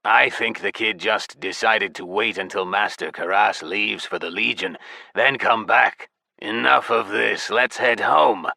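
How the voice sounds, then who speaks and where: A man's voice: fairly low pitch, unhurried, vocal fry, bright, forceful tone, no echo, full character voice. A man voicing a skeptical, grumbling male devil in an audiobook. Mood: dismissive. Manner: grumbling and dismissive. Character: gruff skeptical male devil, lazy companion. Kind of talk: audiobook character voice.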